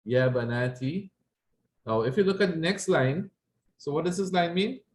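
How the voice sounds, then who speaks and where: A man's voice: mid-range voice, a little mellow, a little hiss or hum. Patient male Arabic teacher, echoey room. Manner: patient, repeats phrases, checks with "right?". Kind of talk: explaining grammar in an online class.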